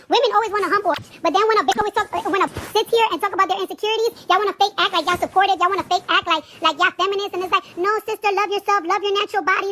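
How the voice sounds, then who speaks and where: A woman's voice: very high-pitched, sharp tone, slight background noise. A brash woman from the Caribbean ranting profanely on a live stream, repeating herself as she goes. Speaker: livestreamer.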